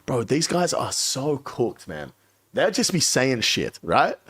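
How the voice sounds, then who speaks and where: A man's voice: medium pitch, huge pitch swings, slow pace, a bit bright, slightly rough, no echo. A young man chatting casually on a live stream, cursing freely and laughing as he tells stories. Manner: profane, laughing storyteller.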